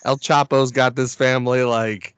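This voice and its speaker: A man spinning a story in casual podcast chat, loud with his swearing and quick to laugh mid-sentence. He drops into little voices for the people he quotes. The sound is dry and close, with no room around it. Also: medium pitch, clear, resonant tone, no room sound, highs cut off. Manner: profane, animated retelling with laughs. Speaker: podcast host.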